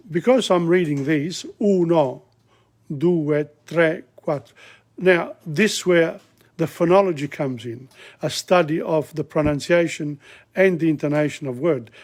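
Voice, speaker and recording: A middle-aged man teaching a language lesson, slowly and deliberately sounding out words syllable by syllable. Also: fairly high pitch. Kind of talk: slow spoken language lesson.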